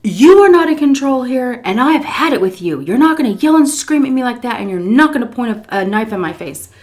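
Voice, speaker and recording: A woman's voice: fairly high pitch, big pitch swings, a little fast, darkish tone, pitched above the performer's own voice. A woman doing a firm, scolding middle-aged woman.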